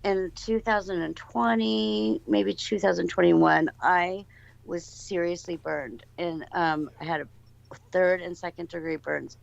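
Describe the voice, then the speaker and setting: A woman's voice: on the low side, a little slow, creaky, no room sound, highs cut off. A woman chatting casually on a talk show, asking blunt questions and telling personal stories. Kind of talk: casual chat.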